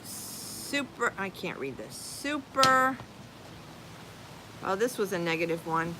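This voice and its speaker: A woman's voice: on the low side, sing-song, a little slow, noisy background. An older woman chatting casually outdoors as a channel host, reading viewer comments aloud and spelling names out letter by letter. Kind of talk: casual live-stream chat. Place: outdoors, rain and breeze.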